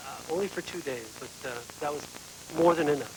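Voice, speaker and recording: A man's voice: fairly high pitch, fairly quick, background noise. A man, a game show contestant giving brief, matter-of-fact answers. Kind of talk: casual answers to host.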